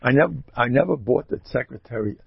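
A man giving a storytelling sermon, talking in an animated way with sudden loud, emphatic rises. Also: medium pitch, fast talker, vocal fry, breathy edge, no room sound. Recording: dull lo-fi dry recording.

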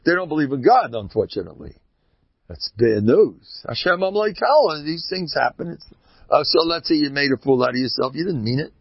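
A gravelly, husky-voiced man gives an informal religious talk, his pitch leaping all over as he rambles and mimics the people he talks about. It sounds like a dull, lo-fi recording. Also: very animated, fairly quick, no room sound.

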